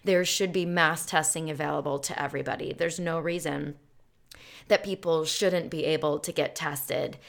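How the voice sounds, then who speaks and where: A woman co-hosting a casual podcast, talking at length in a low voice with a gravelly fry. She laughs easily and retells what friends told her in a loose, chatty way. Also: steady tone, moderate pace. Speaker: podcast co-host. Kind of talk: casual chat.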